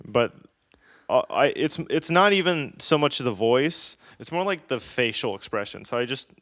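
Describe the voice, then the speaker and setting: A man's voice: medium pitch, lively intonation, normal speed, a bit bright, no echo, studio quality. A man co-hosting a podcast, telling travel stories in casual, profane, self-deprecating chat. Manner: profane, self-deprecating, puts on mocking voices in quotes. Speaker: podcast co-host.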